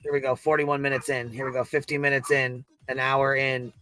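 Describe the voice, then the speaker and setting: A man's voice: mid-range voice, flat delivery, brisk, bright, forceful tone, soft background music. A man hosting a stream, giving crude, scornful commentary while he handles clips. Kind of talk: profane casual commentary.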